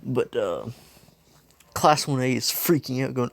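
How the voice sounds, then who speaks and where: A man improvises a fan story in an offhand, rambling way, full of fillers and asides. His voice is gravelly and he talks slowly. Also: medium pitch, no echo. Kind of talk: casual improvised story narration.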